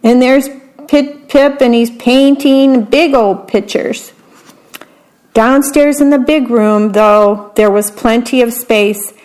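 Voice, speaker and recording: A woman reading a children's picture book aloud, pausing to describe the pictures in a chatty aside. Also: a little high, darkish tone, poor audio. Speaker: storybook reader.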